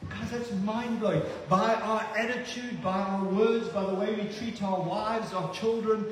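Male pastor, earnest sermon delivery, mid-high voice, distant mic, roomy church echo. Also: steady tone, unhurried, slight background noise. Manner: earnest, repeats words for emphasis. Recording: echoey hall, distant mic.

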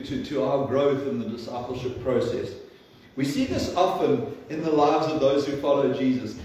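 A man preaching a sermon as pastor, acting out the quoted voices with sudden jumps in pitch. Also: darkish tone, a little hiss or hum. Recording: roomy, distant hall mic with faint ambience.

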